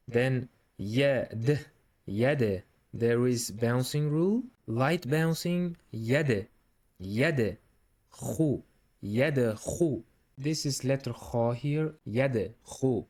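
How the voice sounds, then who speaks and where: A man gives a recitation lesson at an unhurried, deliberate pace. He explains each sound patiently and repeats words slowly so a beginner can follow. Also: medium pitch, darkish tone. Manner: patient, repeats each Arabic word slowly to demonstrate pronunciation. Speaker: Quran recitation teacher.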